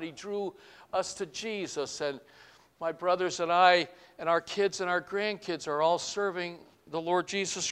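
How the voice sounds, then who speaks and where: A man's voice: high voice, fairly bright tone, smooth. An older man preaching a heartfelt testimony sermon, earnest and building to fervent appeals.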